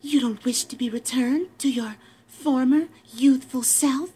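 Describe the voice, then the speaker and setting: A woman's voice: high-pitched, unhurried, mellow, slightly rough. A woman voicing a scornful witch enchantress with a cool, cutting manner. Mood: puzzled. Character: scornful enchantress witch, second eldest sister. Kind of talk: audio drama acting.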